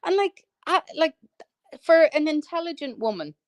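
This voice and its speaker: A woman's voice: sits high, sing-song, normal speed, dry recording, highs cut off. A woman in casual livestream chat, talking animatedly, swearing freely and laughing as she rants.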